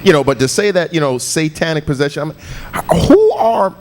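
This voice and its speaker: A man's voice: fairly high pitch, quick pace, slight background noise, low-quality recording. A man co-hosting a casual talk show, swearing bluntly and rambling through his points. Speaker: co-host. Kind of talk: casual podcast banter.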